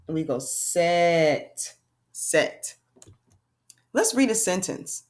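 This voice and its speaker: A woman teaching a phonics lesson to young children, slowly sounding out letters and syllables in an encouraging way. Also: mid-range voice, a bit bright.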